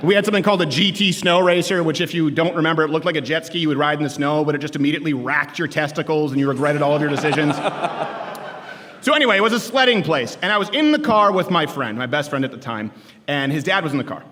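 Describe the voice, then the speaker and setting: High, bright-voiced man joking on stage. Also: quick pace, big-room sound. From Canada. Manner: animated, joking, bursts of shouting. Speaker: speaker addressing college students. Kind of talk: comedic political talk to a live audience.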